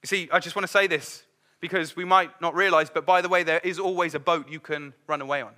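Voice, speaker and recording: Bright-voiced preacher, lively. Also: male voice, a little high, quick pace. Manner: lively, conversational, acts out quoted voices. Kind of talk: sermon.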